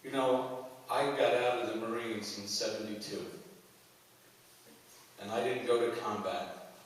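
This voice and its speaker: Older male guest speaker, low voice, halting personal testimony; distant pickup, heavy hall reverb. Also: steady tone. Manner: earnest, halting, plain-spoken. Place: church hall. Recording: echoey hall, far from the mic, faint hiss.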